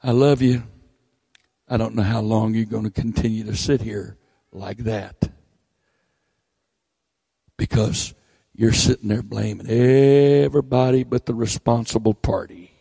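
A preacher man delivers a blunt, folksy sermon, drawing out his words at an unhurried pace. His voice is gravelly and sits a little high for a man. The sound is dry and close, with no room around it. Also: steady tone, warm tone, no room sound. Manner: folksy, blunt, teasing, drops to low mocking tones. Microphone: handheld microphone.

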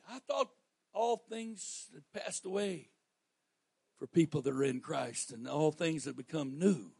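Southern guy preaching, goes from soft asides to shouting, dry close mic. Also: a little high, animated, unhurried, gravelly, husky, no echo. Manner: preaching, swinging from quiet asides to shouted emphasis. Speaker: pastor. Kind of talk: sermon.

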